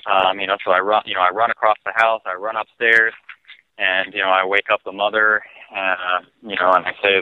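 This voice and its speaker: Low-voiced man, radio guest recounting events, measured and hesitant, heavy on fillers; dull, dry lo-fi sound. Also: no room sound. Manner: calm, halting, full of "you know" fillers. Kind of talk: personal story told on talk radio. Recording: dull lo-fi dry broadcast audio.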